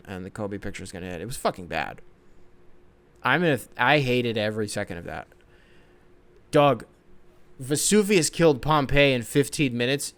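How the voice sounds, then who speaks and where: Profane, excitable young man ranting. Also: mid-range voice. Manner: profane, excitable, swings between shouting and mumbling. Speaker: podcast host. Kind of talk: ranting sports commentary.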